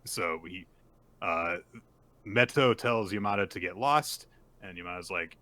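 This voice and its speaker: A man co-hosting a casual podcast, excitedly retelling a story and acting out the characters' lines. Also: low voice, a little slow, long pauses. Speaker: podcast co-host. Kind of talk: casual chapter recap.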